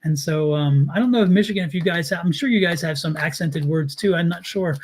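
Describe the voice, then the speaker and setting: A man with a Baltimore accent and a fairly high voice, chatting casually on a live tarot stream. He tells stories in an animated, rambling way, his pitch riding up and down. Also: a little fast, breathy edge. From Baltimore, United States. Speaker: tarot reader and co-host.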